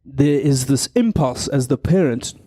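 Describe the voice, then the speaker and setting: A man, a comedian telling animated stories and acting out voices on a radio show. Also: medium pitch, a little slow, breathy edge, dry recording, clean studio sound. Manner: animated, acts out voices and quotes. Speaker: guest comedian. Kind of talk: comedic storytelling on live radio.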